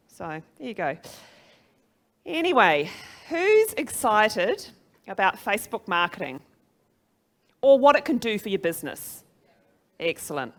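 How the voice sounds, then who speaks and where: A middle-aged woman with a New Zealand accent giving a chatty, upbeat live presentation to an audience and laughing at her own jokes. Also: mid-range voice. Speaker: conference speaker.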